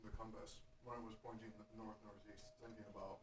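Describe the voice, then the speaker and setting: A man playing in a tabletop game, asking quiet, quick questions about his character's moves. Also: on the low side, little pitch movement. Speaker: player. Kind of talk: casual chat in a tabletop game. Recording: distant echoey room, background noise.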